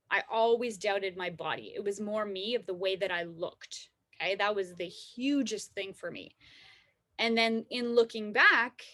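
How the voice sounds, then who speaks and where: A woman's voice: mid-range voice, fairly bright tone. A woman giving a casual self-help talk about self-love, speaking conversationally and often checking in with "right?" and "you know?". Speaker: wellness teacher.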